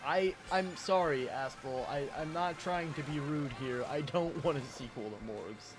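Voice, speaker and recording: A man live-streaming a game, chatting casually with viewers in a rambling, animated way and laughing often. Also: a little high, unhurried. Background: game music.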